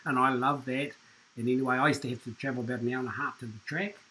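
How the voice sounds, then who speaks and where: A man's voice: mid-range voice, quick pace, low-quality recording. A man telling funny stories in casual chat, laughing often and tagging his lines with "eh?". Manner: lively yarn-spinning, laughs often, tags lines with "eh?". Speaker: guest storyteller.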